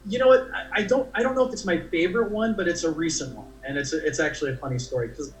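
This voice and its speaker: A man's voice: on the high side, fast. A man being interviewed, telling stories in a chatty, rambling way with many restarts. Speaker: interview guest, commercial actor. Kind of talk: casual interview storytelling. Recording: echoey room with faint music.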